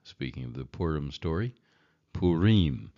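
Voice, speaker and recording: A man teaching a Hebrew reading lesson, slow and patient, repeating each word for learners. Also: a bass voice, creaky. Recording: dull lo-fi recording.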